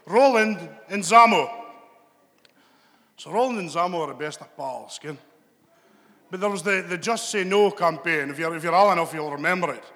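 A man's voice: high-pitched, moderate pace, pauses often, bright, forceful tone. A Scottish man doing a stand-up comedy set, chatty and rambling, teasing people in the crowd. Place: live venue with audience. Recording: long reverb from a hall.

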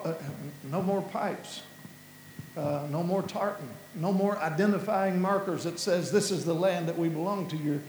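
A man with a Kentucky Appalachian accent preaches in a high, lifting voice, full of feeling and prone to halting restarts. The sound is roomy and echoing, with a faint hum underneath. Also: a little mellow. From Kentucky, USA. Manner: impassioned, halting, repeats words and restarts, voice rises with feeling. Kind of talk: passionate sermon-style talk.

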